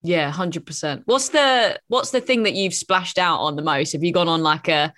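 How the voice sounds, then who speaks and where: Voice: medium pitch, moderate pace, bright, forceful tone, dry recording. Friendly upbeat interviewer, mid voice, dry close mic. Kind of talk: casual interview.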